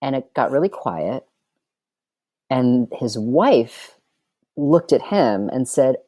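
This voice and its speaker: A man's voice: mid-range voice, lively intonation, takes it slowly, pauses often, mellow, dry recording, clean studio sound. A middle-aged man, a filmmaker guest, telling personal stories in a wry, chatty way full of filler words. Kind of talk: candid personal storytelling.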